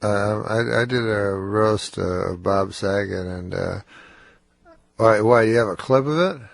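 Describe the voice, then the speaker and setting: Nasal, gravelly man talking slow and halting. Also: no echo. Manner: low, slurring and breathless, dry halting delivery. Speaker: comedian guest. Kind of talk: casual radio interview. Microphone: studio microphone.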